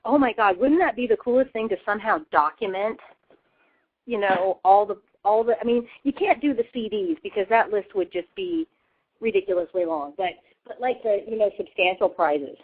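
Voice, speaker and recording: Woman, show guest, excited storytelling, thin lo-fi phone audio. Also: medium pitch, normal speed, slightly rough. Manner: enthusiastic storyteller, acts out voices. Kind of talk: casual chat. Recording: tinny phone-line audio.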